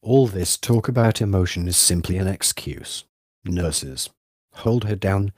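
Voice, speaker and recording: A man's voice: low voice, expressive, measured pace, a little mellow, dry recording, studio quality. A man reading an audiobook voices a stern male chief surgeon who speaks solemnly.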